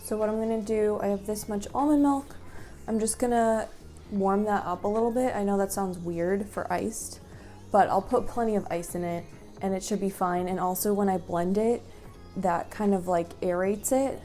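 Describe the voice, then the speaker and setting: A woman's voice: medium pitch, normal speed, mellow, faint music behind. A young woman vlogging at home in a chatty, upbeat way with lots of ums. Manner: upbeat, chatty, filler-heavy. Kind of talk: casual vlog chat.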